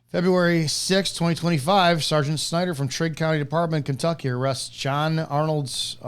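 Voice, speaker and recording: Male host, former cop, slightly higher voice, blunt and profane, rants and restarts himself as he reacts to a clip. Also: smooth. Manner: blunt, profane, indignant ranting with many restarts. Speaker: host of a police commentary show. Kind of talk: reacting to a played video clip with commentary.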